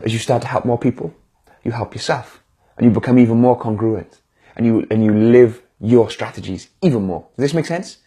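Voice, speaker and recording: Male motivational speaker, live stream; warm, encouraging, speaks straight to viewers; slightly raspy. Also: mid-range voice, fairly quick. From United Kingdom. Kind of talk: live-streamed casual pep talk.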